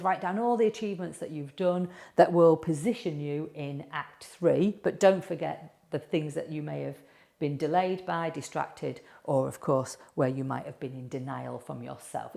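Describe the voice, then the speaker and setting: A woman with a Yorkshire accent, teaching a public speaking course lesson in a lively, chatty way and putting questions to the viewer. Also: low voice, vocal fry. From Yorkshire, England. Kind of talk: recorded online course lesson.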